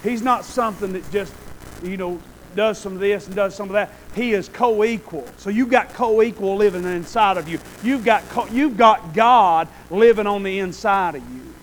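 Male preacher with a very high voice, folksy and animated, calls out for amens, shifts from murmur to shout. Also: moderate pace, a little hiss or hum, rough recording. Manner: folksy, animated, keeps asking the congregation "Amen?"; swings between quiet asides and loud shouted bursts. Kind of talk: sermon.

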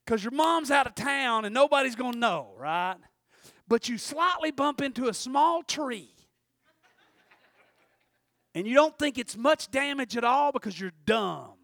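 A male pastor preaching a sermon, telling a story and swinging between loud and hushed. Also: very high voice, animated, a little slow, long pauses, no room sound.

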